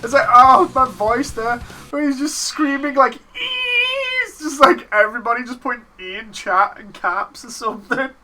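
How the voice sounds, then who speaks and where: A woman streaming a game, chatting casually with her viewers and reading their chat messages out loud. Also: a little high, moderate pace, slight background noise. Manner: reads chat messages aloud, chatty and laughing. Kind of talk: casual gameplay stream commentary. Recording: faint game music behind.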